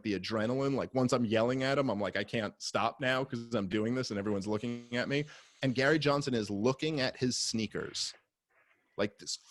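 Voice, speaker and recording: A man's voice: medium pitch, no echo, studio quality. Man swearing through a casual story. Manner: storytelling, swearing, many fillers; rises to loud heated outbursts. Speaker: podcast guest. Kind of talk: casual podcast conversation.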